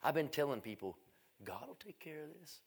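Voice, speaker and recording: This middle-aged evangelist's voice is a little high, expressive and slightly rough, moving a touch fast. His revival sermon unfolds as folksy, self-deprecating storytelling that veers from booming to hushed.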